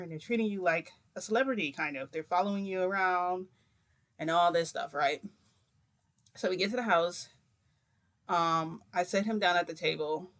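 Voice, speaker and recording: A woman's voice: fairly low pitch, fairly bright tone. A woman vlogger telling a casual story to camera, rambling with lots of fillers and restarts and often checking in with the listener. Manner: chatty, confiding, asks listener "right?".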